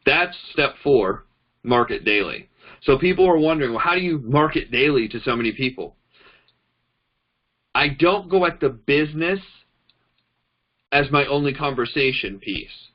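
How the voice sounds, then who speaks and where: A man's voice: medium pitch, moderate pace, long pauses, lo-fi sound. A man giving a casual training talk on network marketing, telling stories in a chatty way and acting out both sides of his conversations. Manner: chatty, animated storytelling, acts out quoted dialogue. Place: indoors, demonstrating on a phone.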